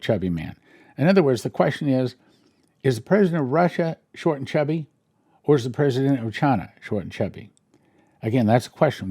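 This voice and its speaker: A church minister reading news headlines aloud and breaking in with wry, sarcastic asides and questions he thinks through out loud. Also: mid-range voice, gravelly, dry recording, clean studio sound.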